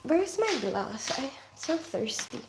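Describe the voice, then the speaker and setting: A woman's voice: high-pitched, very animated, slow pace, very noisy. A woman who grew up in the Philippines, casually chatting on a live stream, reading out comments and greeting viewers by name while laughing often. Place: home in North London.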